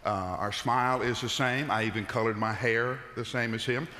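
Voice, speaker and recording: Casting: middle-aged male pastor, bright and forceful tone, folksy sermon storyteller, reverberant church hall. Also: medium pitch, steady tone, normal speed, a little hiss or hum. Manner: folksy storytelling with frequent "uh" fillers. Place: church sanctuary.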